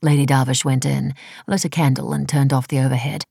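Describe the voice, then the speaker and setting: A woman reading a story aloud in measured, dryly ironic audiobook narration on a close mic. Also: extremely low pitch, level tone, gravelly, dark tone, husky, no room sound.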